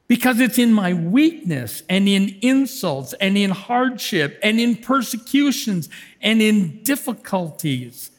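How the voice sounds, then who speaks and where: High-voiced man preaching in a hall. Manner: animated, swings between shouting and hushed tones. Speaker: lay preacher. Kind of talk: sermon.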